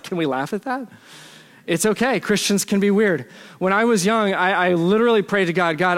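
High-voiced pastor in a reverberant church. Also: male voice. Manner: conversational and self-deprecating, with playful asides. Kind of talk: sermon. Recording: long church hall reverb.

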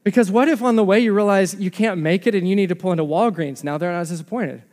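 A man in his thirties, a pastor giving a lively, conversational sermon full of rhetorical questions. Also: sits high, fast. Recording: reverberant hall sound.

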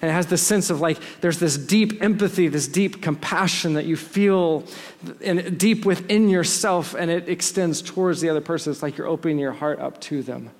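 A man's voice: a little high, normal speed. A man with a slightly raised voice preaches a sermon, explaining the text conversationally and breaking into asides. His words ring out with a long reverb, as if spoken in a big hall. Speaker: pastor.

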